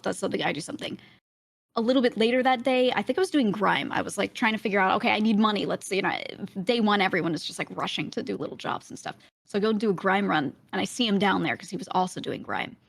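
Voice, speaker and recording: A young woman with a light Brooklyn accent, a streamer telling a long story in casual interview chat, full of fillers and quick laughs. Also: medium pitch, creaky, dry recording. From Brooklyn, New York. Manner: chatty storytelling, often laughing, many fillers. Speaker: streamer and roleplayer, interview guest.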